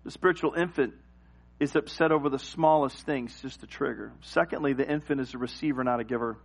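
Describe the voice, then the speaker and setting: A middle-aged male pastor preaching a sermon, telling animated personal stories and acting out the scenes. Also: medium pitch, fairly quick, vocal fry. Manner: animated storytelling, acts out scenes and cries.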